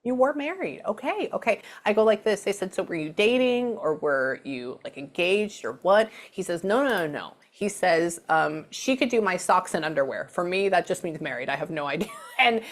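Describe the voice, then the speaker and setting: A woman's voice: lowish voice, animated, moderate pace. A young woman giving a mediumship reading, chatty and casual, often dropping to a whisper before speaking up again. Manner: chatty, often drops to a whisper to listen, then speaks up brightly. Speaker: spiritual medium.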